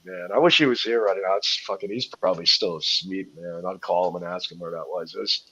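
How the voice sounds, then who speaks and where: A man's voice: deep voice, a little fast, bright, forceful tone, husky, no room sound, muffled recording. A man guesting on a podcast, telling loose, profane stories that he laughs through. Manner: profane, rambling, laughing often. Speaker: guest touring musician. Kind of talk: casual podcast storytelling.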